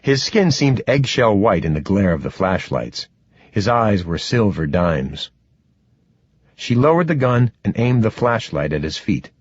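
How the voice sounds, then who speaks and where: A man narrating an audiobook in a measured, expressive reading. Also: lowish voice, breathy edge, dry recording. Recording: dull, dry, slightly muffled.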